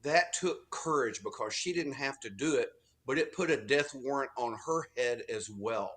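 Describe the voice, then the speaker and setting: A man from Texas speaks as a guest author on a talk radio show, his pitch sitting in the middle of the range. He tells his stories earnestly and steadily. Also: animated, normal speed, a bit bright. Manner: earnest storytelling. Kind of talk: phone-in radio interview.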